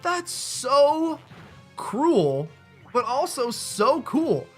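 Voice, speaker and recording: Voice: high voice, big pitch swings, extremely slow, faint music behind. Chatty rambling let's-play host. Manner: rambling, self-mocking, chatty asides. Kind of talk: casual game commentary. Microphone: desk mic with webcam.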